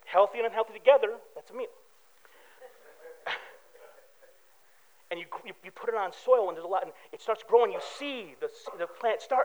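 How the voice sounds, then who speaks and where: A male pastor preaching with an unusually high voice that leaps up and down in lively swings. He hammers home points with rhetorical questions and drops in jokes along the way. The sound is dull and muffled. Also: moderate pace, long pauses, slight background noise. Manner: animated, emphatic, rhetorical questions, joking asides. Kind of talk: sermon.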